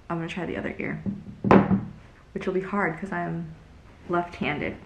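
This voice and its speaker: A woman's voice: fairly low pitch, steady tone, unhurried, gravelly, echoey room, heavy background noise. A young woman vlogging casually as she tests a gadget, chatty and easily grossed out. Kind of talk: casual product-testing vlog.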